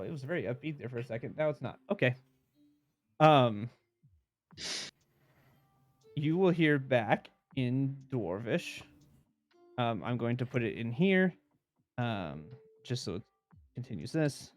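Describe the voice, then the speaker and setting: A man's voice: mid-range voice, very animated, slow, pauses often, soft background music. Rambling man narrating as game master. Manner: rambling, many ums.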